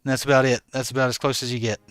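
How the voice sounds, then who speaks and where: A man's voice: mid-range voice, flat delivery, rapid-fire, fairly bright tone, clean tone. A man streaming a game from home in regional Australia, easygoing as he greets and thanks viewers by name. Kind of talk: live stream chat with viewers.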